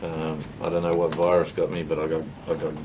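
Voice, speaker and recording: Very deep and monotone, this Australian co-host talks a little fast on a live stream. He rambles in a relaxed way with blokey slang, and the mic hisses amid background noise.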